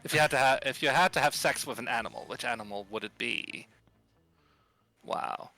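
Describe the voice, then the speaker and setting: Gravelly bright-toned male gamer. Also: mid-range voice, moderate pace, no echo, poor audio. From outside the US. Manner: reads game text aloud with sarcastic asides. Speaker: gaming YouTuber. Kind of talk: casual let's play commentary.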